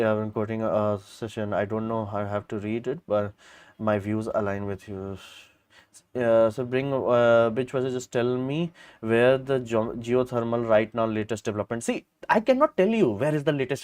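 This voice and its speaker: A man's voice: medium pitch, darkish tone. A middle-aged man, hosting a casual live stream and answering viewer questions in a blunt, rambling way full of fillers.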